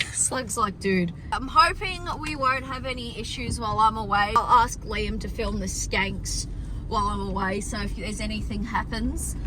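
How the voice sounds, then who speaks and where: A woman's voice: fairly high pitch, noisy background. A woman with an Australian accent, a farmer vlogging outdoors on her sheep farm into a phone, talking bluntly with lots of swearing and sarcasm. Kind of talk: casual vlog chat.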